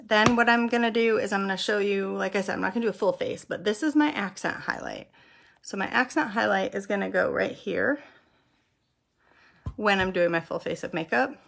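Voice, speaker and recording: Middle-aged woman, makeup tutorial host, casual step-by-step chat, gravelly edge. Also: medium pitch, brisk, fairly bright tone. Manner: chatty, explains step by step while applying makeup. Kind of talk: casual how-to demonstration.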